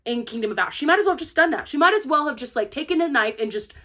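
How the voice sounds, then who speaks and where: A woman's voice: high voice, animated, rapid-fire, pushed and bright. A young woman giving a casual spoiler-filled book review, gushing and acting out the characters' lines with lots of "like". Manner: peppers her speech with "like".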